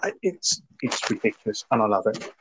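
A man ranting in casual podcast chat, animated and laughing as he mocks a game. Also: fairly low pitch, fairly quick, background noise. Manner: ranting, animated, laughs a lot, mock voices. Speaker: podcast co-host.

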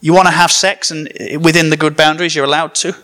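High-voiced preacher, chatty. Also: male voice, level tone, quick pace, bright, forceful tone. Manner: conversational, jokey asides. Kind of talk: sermon with comic storytelling.

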